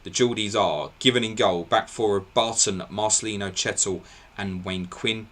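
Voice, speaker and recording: A man hosting a live football podcast, briskly reeling off team line-ups and laughing at his own slips. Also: fairly low pitch, steady tone, a bit bright. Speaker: podcast host.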